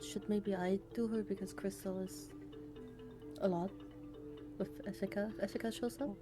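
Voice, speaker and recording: A woman's voice: medium pitch, fairly even intonation, normal speed, over music. A woman taking part in a live visual novel reading, talking hesitantly. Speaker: co-reader.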